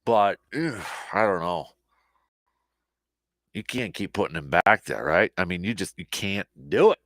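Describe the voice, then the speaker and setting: A man hosting a casual sports talk show, rambling and animated, with lots of fillers and restarts, a little short on sleep. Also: low voice, a little slow, no echo, studio quality.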